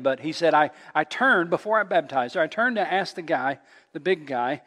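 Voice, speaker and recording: A man's voice: expressive, moderate pace. Preacher in a reverberant sanctuary, man. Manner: storytelling preacher, climbing louder and higher at emotional peaks. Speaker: pastor. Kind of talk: sermon.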